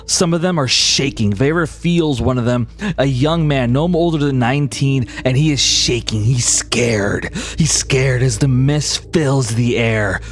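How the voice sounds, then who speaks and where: A man's voice: mid-range voice, unhurried. A man narrating as game master of a tabletop role-playing game in a casual storytelling manner.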